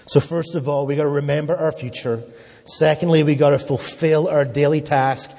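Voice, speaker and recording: A man's voice: a little high, fairly even intonation, normal speed, creaky, warm tone. A man preaching a sermon as a pastor, building emphasis through repeated phrases. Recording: long hall reverb.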